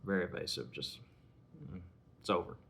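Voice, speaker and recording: Deep-voiced man casually reviewing a film. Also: normal speed, creaky, fairly bright tone, breathy edge. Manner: retells scenes conversationally, acting out lines in passing.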